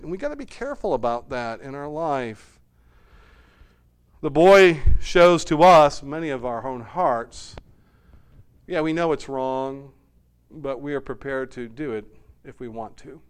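A man preaching a sermon as a pastor, speaking earnestly and slowing down for emphasis. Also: fairly high pitch, lively intonation, clean tone.

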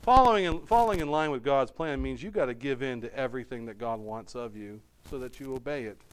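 A man's voice: mid-range voice, fairly quick, rough recording. A man preaching a sermon, emphatic and repeating his points for emphasis.

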